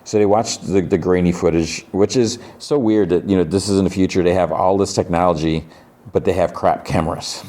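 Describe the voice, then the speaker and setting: A podcast host talks through an episode in a relaxed, rambling way. His voice sits very low and sounds warm and dark. He strings scenes together with casual fillers. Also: a little fast. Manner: chatty, retells scenes with lots of filler likes.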